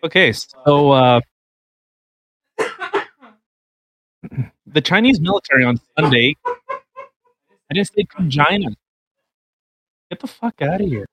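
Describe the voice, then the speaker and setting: A man's voice: a little high, wildly swooping pitch, takes it slowly, long pauses, a bit bright, dry recording, poor audio. A man co-hosting a casual podcast, reading a news article aloud, swearing freely and breaking into laughter. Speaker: podcast co-host.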